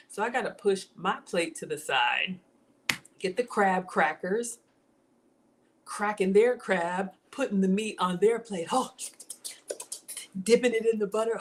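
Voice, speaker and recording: A woman hosts a home cooking livestream from her kitchen, chatting in a lively, animated way. Her voice sits at a middle pitch, and she talks straight to her viewers. A faint hum runs behind her. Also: normal speed. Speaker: home cook livestream host.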